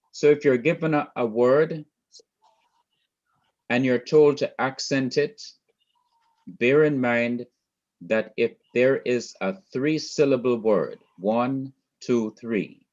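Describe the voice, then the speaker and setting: Slow, methodical Jamaican male teacher. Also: on the low side, darkish tone. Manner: methodical, repeats terms and counts syllables aloud. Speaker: Hebrew grammar teacher. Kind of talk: recorded lecture over slides. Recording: dull lo-fi recording.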